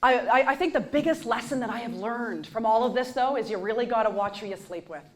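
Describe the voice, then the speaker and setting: A woman performing a stand-up comedy set on stage, with a punchy, sarcastic delivery and deadpan asides. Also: on the high side, a little fast, over a noisy crowd. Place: comedy stage before a live audience. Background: audience laughter.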